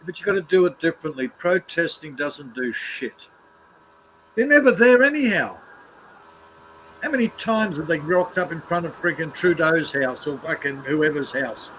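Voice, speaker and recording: Man, blunt sweary rant, slightly raised pitch, casual chat, faint background noise. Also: expressive, normal speed, fairly bright tone, low-quality recording. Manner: blunt, heavily sweary ranting.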